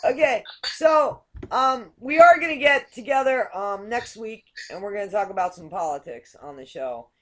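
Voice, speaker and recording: A woman's voice: medium pitch, animated, normal speed, hardly any pauses. A woman from Canada hosting a casual group video chat, chatty and giggly, often restarting her words. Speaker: host.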